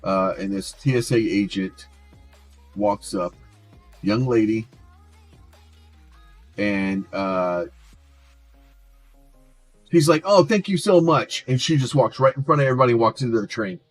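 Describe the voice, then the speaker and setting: A man's voice: fairly low pitch, measured pace, pauses often, soft background music. A man streaming a game, chatting casually and rambling, often restarting his words. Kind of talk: casual chat while gaming.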